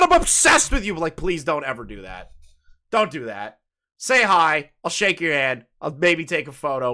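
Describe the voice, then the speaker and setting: A young man with a sharp, somewhat high voice hosts a casual call as a streamer. He talks bluntly, rambles, and uses plenty of profanity.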